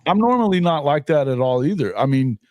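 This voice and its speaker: Give me a lively middle-aged male podcast host. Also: a little high, fairly quick, dry recording. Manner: animated, swears casually, laughs often. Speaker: podcast host, sports writer. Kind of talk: casual chat. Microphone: remote call mic.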